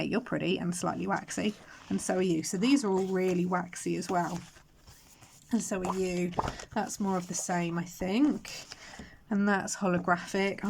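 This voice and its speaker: A woman's voice: mid-range voice, a little hiss or hum. Chatty woman rambling through a haul. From England. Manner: chatty, rambling, breaks off to react to items. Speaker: vlogger. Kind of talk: casual chatty haul video. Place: home room with natural lighting.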